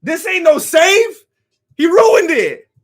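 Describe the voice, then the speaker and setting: A man doing live reaction commentary on a fight, ranting and often shouting, pausing to thank new followers. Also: very high voice, big pitch swings. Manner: thanks followers by name between rants. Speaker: live fight companion streamer.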